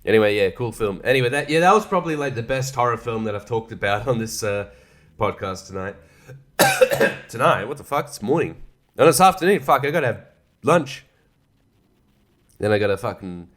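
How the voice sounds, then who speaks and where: A man's voice: medium pitch, expressive, fairly quick, long pauses, a bit bright. A young man hosting a casual solo podcast, rambling, swearing a lot and laughing often. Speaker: podcast host.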